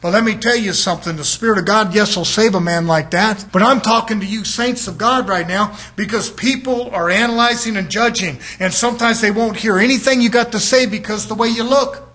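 A man's voice: high-pitched, brisk, few pauses, sharp tone. A middle-aged man preaching a sermon in a folksy, emphatic way, often prodding listeners with rhetorical questions.

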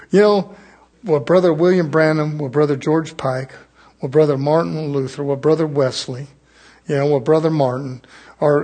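A man preaching a sermon as pastor, swinging from loud fervent build-ups to quiet asides. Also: a little high, slightly rough.

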